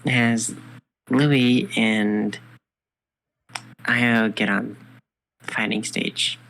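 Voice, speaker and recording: Woman, casual co-storyteller, slow and easygoing, improvising fan fiction. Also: very deep voice, fairly even intonation, creaky, a bit bright, poor audio. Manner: slow, casual, narrates and voices characters loosely.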